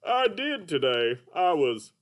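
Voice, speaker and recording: A drowsy male puppet dolphin, as a man puts him on speaks in a raised, sing-song voice that leaps up and down. He drags his words out slowly and sleepily, then perks up with bright excitement. It feels like a children's puppet show. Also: fairly high pitch, voice pushed up, exaggerated voice. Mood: sleepy, chirpy.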